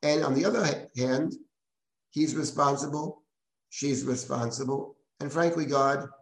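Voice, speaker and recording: A man teaching a live text-study class, reading Hebrew verses aloud and then translating and explaining them with frequent restarts. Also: medium pitch. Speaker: rabbi teaching a Bible class. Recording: roomy echo.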